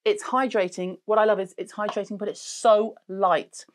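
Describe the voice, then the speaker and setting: A woman's voice: medium pitch, steady tone, normal speed. A middle-aged woman, hosting a beauty product chat in a blunt, sweary, jokey way. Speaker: beauty show host. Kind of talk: casual chat reviewing products.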